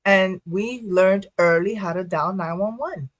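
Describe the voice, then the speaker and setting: A woman in a casual interview, a first responder and poet who tells her stories with quick asides and frequent laughter. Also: mid-range voice, no room sound. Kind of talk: casual podcast interview talk.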